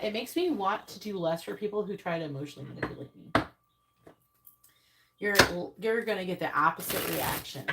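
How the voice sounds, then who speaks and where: A woman's voice: medium pitch, heavy background noise. A woman hosting a live tarot stream, talking bluntly and profanely in a casual, exasperated way. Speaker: tarot reader hosting a livestream. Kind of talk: casual livestream talk. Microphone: earbuds.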